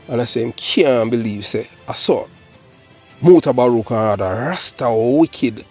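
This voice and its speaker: A man's voice: medium pitch, expressive, measured pace, slightly rough, faint music behind. A Jamaican man hosting his own channel, delivering a rambling, emphatic solo commentary that mixes patois with English. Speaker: channel host.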